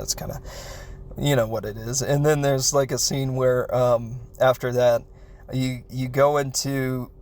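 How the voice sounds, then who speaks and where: A man's voice: mid-range voice, a little mellow. A man hosting a podcast, recapping a film in a rambling, self-interrupting way and laughing as he talks. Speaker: podcast host reviewing a film. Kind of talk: casual comedic film recap.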